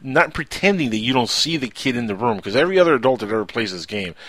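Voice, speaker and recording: A male host asking thoughtful questions, pausing with fillers. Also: medium pitch, animated, fairly bright tone, dry recording. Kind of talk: interview chat.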